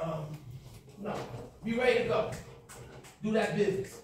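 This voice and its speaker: A man's voice: high voice, lively intonation, a little slow, pauses often, slight background noise. A man teaching a class, lecturing with role-play and quizzing students in call-and-response. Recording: echoey classroom from far off.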